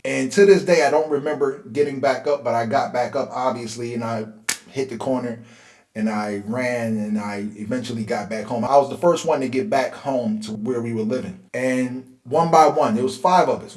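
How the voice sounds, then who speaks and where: A man in his forties from Philadelphia telling a personal life story in a casual, conversational way, getting animated when he relives tense moments. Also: mid-range voice. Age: 40s. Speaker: host. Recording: roomy echo.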